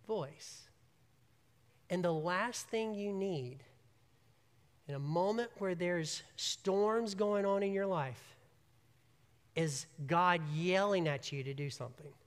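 A pastor preaching a morning sermon, swinging between emphatic loud passages and hushed, quiet stretches. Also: medium pitch, big-room sound. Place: church sanctuary.

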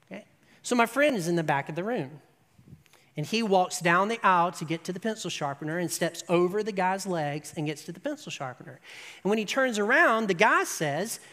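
An animated preacher tells a story, building to emphatic peaks and checking in with the listeners. The voice sits at a middling pitch and carries a long, echoing hall reverb. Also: a little fast. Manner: asks the audience "right?". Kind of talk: sermon storytelling.

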